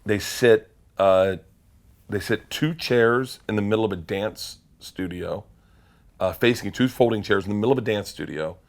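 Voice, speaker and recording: A man, a comedian guest in an interview, telling a long, profane story in a rambling, animated way and laughing at himself. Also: lowish voice, moderate pace.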